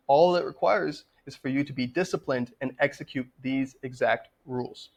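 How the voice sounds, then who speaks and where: Male trading tutor, fairly high voice, plain instructive delivery for a screen-share lesson. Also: fairly even intonation, normal speed, gravelly. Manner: direct, instructive, checks in with "okay?". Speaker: trading educator.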